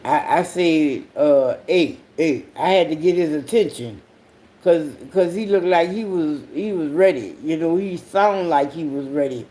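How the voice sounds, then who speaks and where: A podcast host telling a story in a casual monologue, blunt and profane, breaking into sudden high outbursts and laughing along the way. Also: a little slow, mellow.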